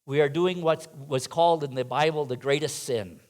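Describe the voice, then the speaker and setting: A man's voice: on the high side, moderate pace, darkish tone. A man preaching a sermon in a church, asking the congregation rhetorical questions and making playful asides to them. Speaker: minister. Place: church sanctuary.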